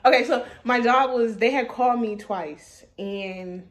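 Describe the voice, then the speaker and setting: A woman's voice: a little high, unhurried. Young woman swearing through a loose storytime. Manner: profane, loose and laughing. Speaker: vlogger. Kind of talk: casual storytime monologue.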